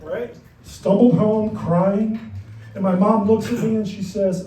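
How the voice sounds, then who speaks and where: A middle-aged man performing a stand-up comedy set on a club stage, telling dark stories in a deadpan way with asides to the crowd. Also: high voice, measured pace, echoey room, distant mic, a little hiss or hum, rough recording.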